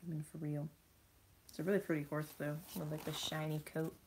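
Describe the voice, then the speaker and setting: Low-voiced chatty young woman. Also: flat delivery, brisk, darkish tone, a little hiss or hum. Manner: chatty, rambling, reads card text aloud. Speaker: vlogger. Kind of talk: casual unboxing chat.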